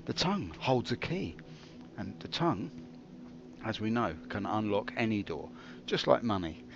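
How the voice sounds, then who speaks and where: A man streaming a game, telling theatrical, jokey stories with big swings in pitch. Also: sing-song, moderate pace, highs cut off, background noise. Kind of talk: rambling live-stream commentary.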